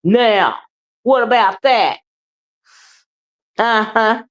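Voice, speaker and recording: A woman doing livestream commentary, blunt, profane and animated as she trash-talks and chats with viewers. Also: a little high, drawn-out words. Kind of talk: live commentary and chat with viewers.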